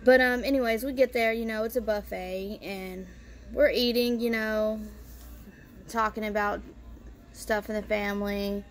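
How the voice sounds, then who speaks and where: A woman's voice: medium pitch, steady tone, unhurried, a little hiss or hum. A woman vlogger telling a family story in casual style, bluntly and with free swearing. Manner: blunt, swears freely, lots of "you know" fillers.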